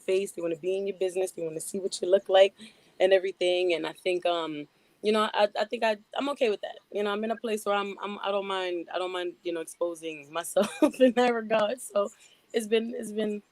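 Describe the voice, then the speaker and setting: A woman's voice: mid-range voice, a little fast, dry recording. Chatty New York woman on radio. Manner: chatty, laughs often, many "you know"s. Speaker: rapper, guest. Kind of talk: casual radio interview. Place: radio studio.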